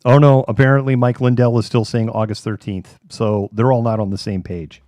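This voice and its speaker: A man's voice: mid-range voice, fairly even intonation, fairly quick, mellow, dry recording. Sardonic male host, dry close sound. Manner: sardonic, rambling, with fillers. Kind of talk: casual live news chat.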